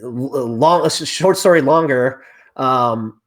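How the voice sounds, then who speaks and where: Animated man telling a family story. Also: medium pitch, slow pace. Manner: animated storyteller acting out quoted dialogue. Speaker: real estate agent, podcast guest. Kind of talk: conversational storytelling interview.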